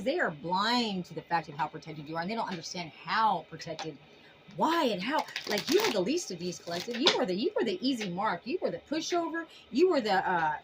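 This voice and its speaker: A woman giving a casual tarot reading to her viewers in an animated, emphatic way, often laughing. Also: mid-range voice, noisy background. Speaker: tarot reader.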